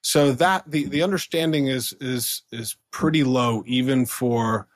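A man as a podcast guest, telling a story in a chatty way, full of fillers and quick laughs. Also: mid-range voice, no echo, studio quality. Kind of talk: casual storytelling in conversation.

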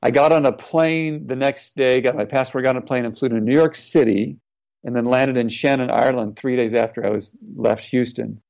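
A man's voice: mid-range voice, steady tone, a little fast, vocal fry, a little mellow. A middle-aged man, a former pro athlete, earnestly telling a personal story in an interview. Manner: earnest, reflective, retelling quotes. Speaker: guest, former NFL player. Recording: slightly dull, lo-fi audio.

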